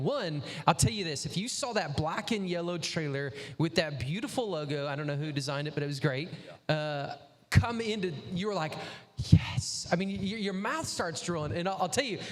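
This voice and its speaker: A man hosting a casual interview, enthusiastic and affirming. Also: fairly high pitch. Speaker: interview host. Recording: reverberant hall.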